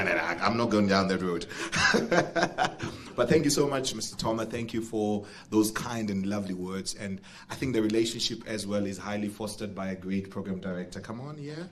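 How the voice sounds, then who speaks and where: A man's voice: lowish voice, fairly bright tone. A man with a South African accent emceeing an event, joking with the audience and laughing often. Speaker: master of ceremonies. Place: event venue.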